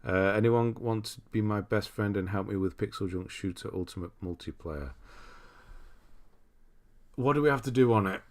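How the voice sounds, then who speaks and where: A man's voice: fairly low pitch, normal speed. A young British man hosting a casual livestream, chatting loosely, reading out viewer comments and laughing often. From Britain. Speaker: livestream host.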